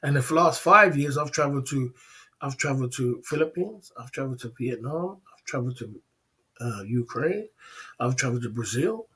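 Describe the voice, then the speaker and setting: A man's voice: mid-range voice, expressive, normal speed, pushed and bright. A middle-aged man, hosting a livestream and lecturing his viewers bluntly in a casual, repetitive way. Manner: blunt and lecturing, repeats "you know what I'm saying". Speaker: livestream host.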